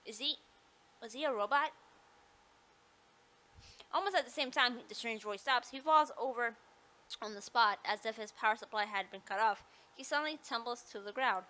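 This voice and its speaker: A woman's voice: fairly high pitch, bright, forceful tone. A woman playing a visual novel, reading the story aloud and breaking off with apologetic, joking asides. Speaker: video game player.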